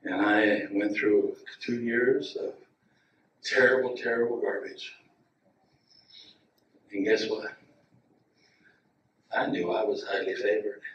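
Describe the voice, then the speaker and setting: A man preaching a sermon as a guest preacher, talking to the congregation in an easy way and rising to loud, emphatic lines. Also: lowish voice, highs cut off, noisy background. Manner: chuckles and asides to the congregation. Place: church sanctuary. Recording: echoey church room, mic at a distance.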